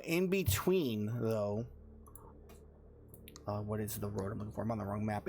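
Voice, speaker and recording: A man narrating a tabletop game as dungeon master, casually, with many ums and you-knows. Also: lowish voice.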